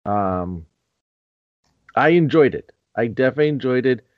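Chatty podcast host, dull dry sound. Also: male voice, mid-range voice, animated, normal speed, dry recording. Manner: chatty, rambling with restarts. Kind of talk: casual podcast chat.

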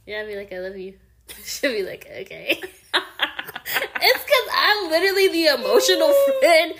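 A woman's voice: extremely high pitch, sing-song, moderate pace, a bit bright. A young woman co-hosting a podcast, chatting casually with slang and frequent laughs. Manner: laid-back slang, laughs often. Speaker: podcast co-host. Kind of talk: casual chat.

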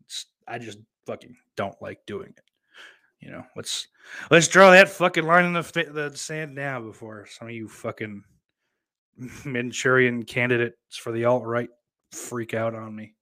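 A man's voice: medium pitch, unhurried, pushed and bright. A man with a Southern US accent, hosting and reading chat messages aloud, rambling and swearing bluntly. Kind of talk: casual chat.

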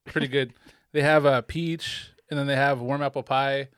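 A man's voice: mid-range voice, steady tone, moderate pace, fairly bright tone, smooth. A man co-hosting a podcast in casual chat, joking and teasing and laughing often. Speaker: podcast co-host.

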